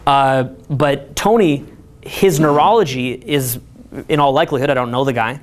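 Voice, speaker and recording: A man giving an energetic, rambling seminar talk full of filler words. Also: medium pitch, moderate pace. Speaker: seminar coach. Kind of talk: casual live seminar talk.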